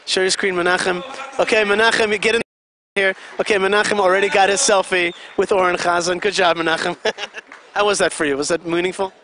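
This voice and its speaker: A high-voiced man gives chatty live commentary at an event. He keeps explaining what is going on and quizzes his listeners. Vehicle noise can be heard outside behind him. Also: fairly even intonation, fairly quick. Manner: chatty, explaining, asks the audience questions.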